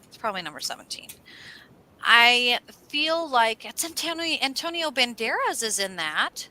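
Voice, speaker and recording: A woman co-hosting an astrology livestream, telling rambling stories in a casual, animated way and swearing now and then. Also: a little high, moderate pace, poor audio. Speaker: astrology show co-host.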